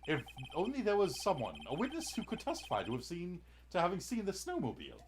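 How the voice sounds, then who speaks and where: Lively man reading game dialogue. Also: high-pitched, fast talker, background noise. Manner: dramatic read-aloud, breaks into goofy impressions. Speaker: let's-play co-host. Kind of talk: reading game dialogue aloud with joking asides. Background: game music.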